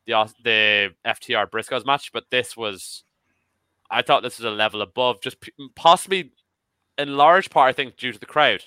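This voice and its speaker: A man of about thirty chatting as a podcast panelist, excitable and swearing casually. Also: mid-range voice, clean tone, dry recording. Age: 30s. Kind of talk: casual chat.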